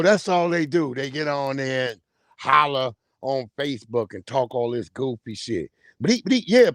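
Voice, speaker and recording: A man hosting a livestream, giving heated, profane, mocking commentary with loud outbursts. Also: sits high, no echo, studio quality. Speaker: livestream host.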